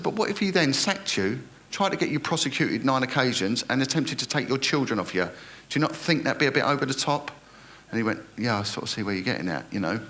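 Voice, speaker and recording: A man's voice: medium pitch, bright, forceful tone. A middle-aged man, a retired police detective earnestly recounting his experiences in an interview and quoting others in dialogue.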